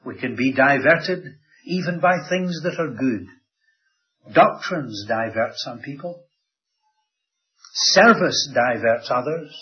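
A man delivers a sermon in a mid-pitched voice. He swings between loud, raised passages and quiet, dropped asides for emphasis. The recording sounds dull and lo-fi. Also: expressive, takes it slowly, pauses often. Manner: dramatic rises and drops in pitch and volume. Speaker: preacher.

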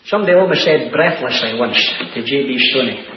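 A man preaching an earnest sermon, repeating key phrases and dropping to a hush for emphasis. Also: medium pitch, expressive, fast talker. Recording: muffled, hissy, echoey old recording.

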